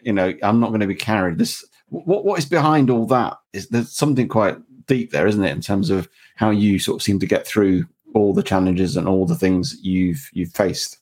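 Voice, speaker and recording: A male interviewer speaks in a slightly low, somewhat husky voice. He builds his questions haltingly, repeating words as he goes. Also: darkish tone.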